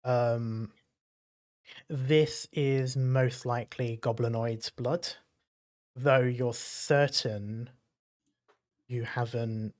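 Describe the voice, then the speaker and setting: A man's voice: medium pitch, drawn-out words, long pauses. Male dungeon master, mid voice, casual fill-heavy scene narration. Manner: descriptive, relaxed, many fillers. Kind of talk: narrating a tabletop game.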